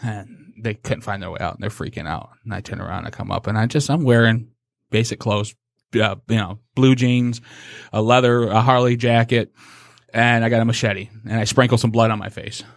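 A man spinning a story on a podcast, slipping into slow, menacing voices when he quotes himself. He sounds close and dry, with no room around him. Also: fairly low pitch, fairly even intonation, creaky, no echo. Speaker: podcast guest. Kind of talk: casual storytelling.

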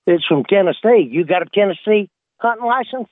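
A man's voice: high-pitched, lively intonation, fairly quick, no room sound, voice pushed up. A man voicing a bossy small-town game warden, drawling and condescending, over a tinny phone line. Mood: suspicious.

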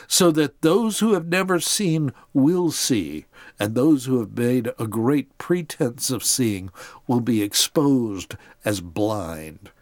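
Jesus, as a man voices him, calm and measured. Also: mid-range voice, dry recording. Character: Jesus, calm male teacher.

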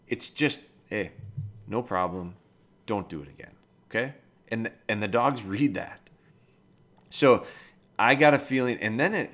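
A man with a somewhat low voice talks through dog training questions in a relaxed, matter-of-fact way. He sounds middle-aged and steady, like a podcast host chatting casually. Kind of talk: casual advice talk.

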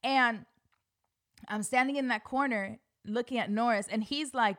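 A woman telling a personal story in a casual, animated, profane way, laughing often and acting out what people said. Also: on the high side, measured pace.

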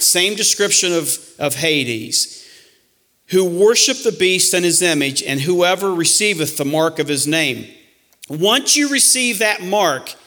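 A man delivers a sermon from the pulpit in a high, bright, ringing voice. He reads scripture slowly and deliberately, then presses his congregation with urgent, emphatic warnings. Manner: preaching with rising emphatic warnings, dropping to hushed asides. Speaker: pastor.

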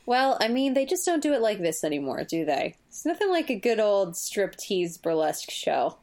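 A woman's voice: medium pitch, big pitch swings, normal speed, a little mellow. A woman in casual conversation, walking through the plot with a bouncy voice that rises and falls a lot. She talks in a chatty, playful way, throwing in jokey asides as she recaps. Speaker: podcast co-host recapping a TV episode. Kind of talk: casual chat.

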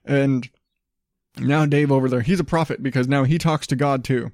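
A man's voice: medium pitch, fairly even intonation, normal speed, a little mellow, no room sound, clean studio sound. A man hosting a podcast, ranting in a blunt, profane, casual way. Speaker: podcast host.

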